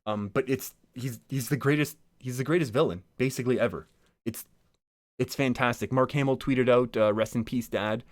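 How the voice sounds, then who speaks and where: A man hosts his own solo podcast in a medium-pitched voice at a moderate pace, recorded without echo. He rambles casually, restarting sentences often and laughing softly.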